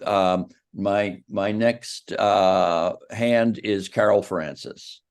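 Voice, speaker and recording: A man's voice: fairly low pitch, fairly even intonation, extremely slow, clean tone. A man moderating a forum, a little hesitant and apologetic, with many fillers.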